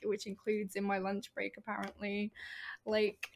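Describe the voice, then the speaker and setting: A woman's voice: mid-range voice, monotone, normal speed, creaky. A woman who leads a team, venting in an exasperated, profane way during casual chat.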